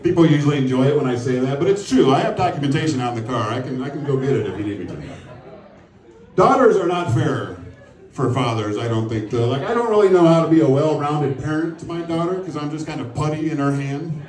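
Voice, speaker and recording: A man's voice: fairly high pitch, expressive, fast, darkish tone. A middle-aged man doing a stand-up comedy set, dry, self-mocking and profane. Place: comedy club stage before a live audience. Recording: roomy live club sound, mic at a distance, audience laughter. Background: audience laughing.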